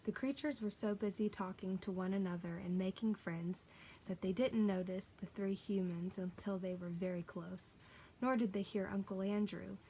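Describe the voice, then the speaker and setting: A woman reads a children's novel aloud, telling it with expression. Her voice is of middle pitch. A faint hiss runs underneath. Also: warm tone, poor audio. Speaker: reader.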